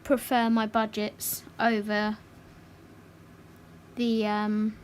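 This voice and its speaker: This livestream host is a woman with a medium-pitched voice and a completely flat delivery, heard with a little hiss or hum. While colouring, she chats casually, rambles somewhat and laughs readily.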